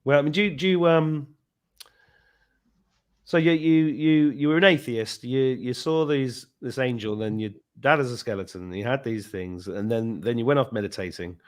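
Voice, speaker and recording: Speaking at a moderate pace with a medium-pitched voice, a podcast host chats casually about a story. He's animated, slipping into the voices of the people involved whenever he quotes them.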